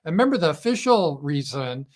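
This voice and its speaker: A man's voice: on the high side, sing-song, brisk. A man hosting a livestream show, giving blunt, sarcastic political commentary with crude asides. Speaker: show host.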